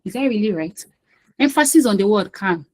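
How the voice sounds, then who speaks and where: A woman's voice: medium pitch, lively intonation, brisk, low-quality recording. A woman running a quiz over a video call. She talks in a chatty, coaxing way and often repeats phrases. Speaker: quiz host and session facilitator. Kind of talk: casual online quiz session.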